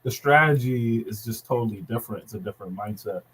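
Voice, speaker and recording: A man's voice: lowish voice, quick pace, a bit bright, breathy edge, poor audio. A man speaking as a podcast guest in a casual chat, making dry joking asides.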